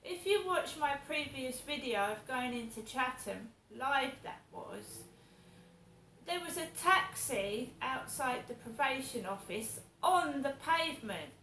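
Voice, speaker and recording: A woman's voice: high-pitched, very animated, takes it slowly, sharp tone. A woman, giving an indignant, repetitive and swearing casual rant as a vlogger. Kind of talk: casual ranting monologue. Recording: echoey room with faint ambient noise.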